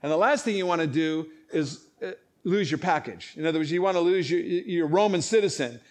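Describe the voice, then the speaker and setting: High-voiced, animated male pastor preaching. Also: brisk. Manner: animated storytelling, acting out voices with big pitch swings; drops to low, quiet tones for personal moments. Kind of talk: sermon.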